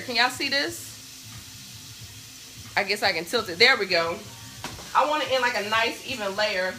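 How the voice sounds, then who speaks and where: A woman's voice: fairly high pitch, pushed and bright, slight background noise. A young woman hosting a live cooking stream from her home kitchen on a phone, chatting straight to viewers and easily sidetracked. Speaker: cooking show host. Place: home kitchen with bacon sizzling in a pan. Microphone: phone on a stand.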